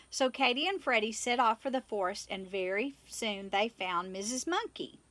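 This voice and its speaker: A woman reading a children's picture book aloud in an expressive, animated way. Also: a little high, normal speed, hardly any pauses, no room sound. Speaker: storyteller.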